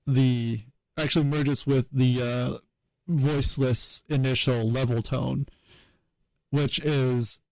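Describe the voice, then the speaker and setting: Man, slow unhurried talk, halting with self-corrections, thinking aloud on a stream, dry close sound. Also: medium pitch, darkish tone, no room sound, rough recording. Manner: halting and hesitant, many fillers and self-corrections. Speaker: streamer explaining historical linguistics. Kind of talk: unscripted live-stream explanation.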